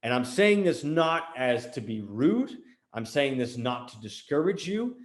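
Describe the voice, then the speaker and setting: An American man delivers a blunt motivational business talk as host, hammering his points home by repeating them. His voice sits at an ordinary middle pitch. The room around him rings with a noticeable echo. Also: big pitch swings, unhurried. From United States. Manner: blunt, emphatic, repeats himself for emphasis.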